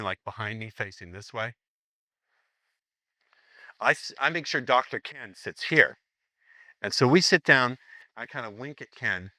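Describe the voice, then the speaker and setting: A man's voice: fairly low pitch, pushed and bright, dry recording. A man teaching a seminar, telling a story in a chatty, playful way and acting out the dialogue. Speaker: seminar instructor. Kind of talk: storytelling to a live seminar audience.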